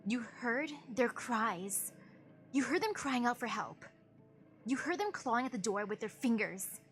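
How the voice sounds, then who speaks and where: A woman's voice: on the high side, animated, measured pace, faint music behind. Woman reading as a stern accusing young woman.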